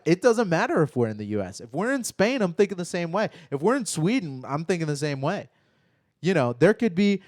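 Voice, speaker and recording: A man co-hosting a casual live chat, telling stories in a profane, animated way. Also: on the high side, dry recording, studio quality. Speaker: podcast co-host.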